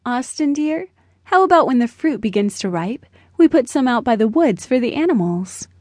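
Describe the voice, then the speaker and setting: A woman voicing a gentle, reassuring young mother in a children's storybook. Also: a little high, big pitch swings, moderate pace, no echo, studio quality. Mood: tender. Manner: soothing.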